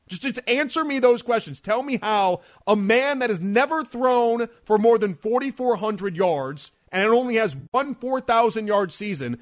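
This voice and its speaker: A man hosting a sports radio show, delivering an emphatic, argumentative monologue and repeating phrases for effect. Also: high voice. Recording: radio broadcast.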